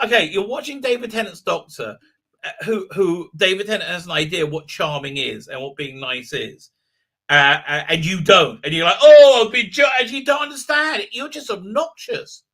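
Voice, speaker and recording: A man's voice: high-pitched, expressive, moderate pace, pushed and bright. A man hosting a live stream, ranting sarcastically with many filler sounds. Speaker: host.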